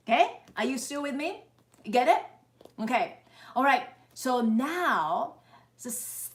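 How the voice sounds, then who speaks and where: A woman teaching face exercises in a live-streamed lesson, coaching viewers step by step and checking in that they are following along. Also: mid-range voice. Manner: demonstrates and counts out steps slowly. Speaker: face yoga instructor.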